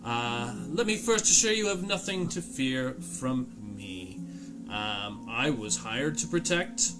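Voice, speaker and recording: A man's voice: mid-range voice, lively intonation, takes it slowly, music in the background. A man voicing a polite, wary male mercenary bodyguard in a tabletop game. He speaks courteously, with a dry sarcastic edge.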